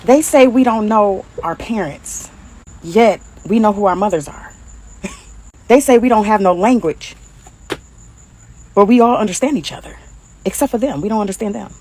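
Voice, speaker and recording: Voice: medium pitch, normal speed, long pauses, a little mellow, slight background noise. A speaker with a Detroit accent giving a crude, laughing, mocking rant on social media.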